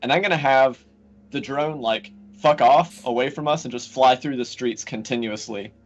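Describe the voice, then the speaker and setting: A man's voice: medium pitch, normal speed, dull audio. A man playing a tabletop roleplaying game, explaining his turn in a casual, hesitant way. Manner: casual, hesitant, many fillers. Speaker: player.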